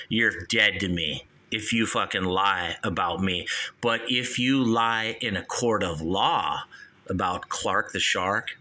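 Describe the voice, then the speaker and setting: A man's voice: low-pitched, sharp tone. A man hosting a call-in show, ranting heatedly and swearing.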